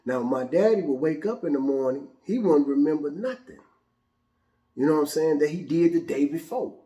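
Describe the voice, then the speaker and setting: A male host telling a personal story in an animated, casual, profane way, with frequent restarts. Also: on the high side, normal speed, roomy sound. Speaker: show host.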